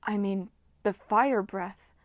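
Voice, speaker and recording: A woman's voice: medium pitch, slow, no echo, studio quality, lightly acted. A woman voicing an awestruck teenage girl camper who stammers in wonder. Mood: amazed.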